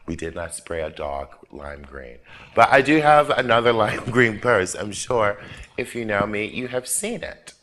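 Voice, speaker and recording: A man's voice: lowish voice, lively intonation, a little slow, a bit bright, a little hiss or hum. A man hosting a drag talk show, telling a comic story in a theatrical way with laughing asides.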